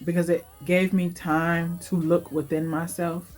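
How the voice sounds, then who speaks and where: A woman's voice: on the low side, little pitch movement, unhurried, soft background music. A woman in her late twenties giving an emotional, heartfelt life update in her vlog, talking in a casual, confiding way. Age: late 20s. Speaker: vlogger.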